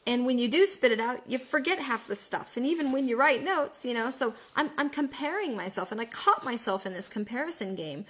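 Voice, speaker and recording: Slightly high-voiced woman doing a motivational live video, excited, keeps fumbling and restarting her words. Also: fairly quick, hardly any pauses. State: out in the freezing cold. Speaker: online business mentor.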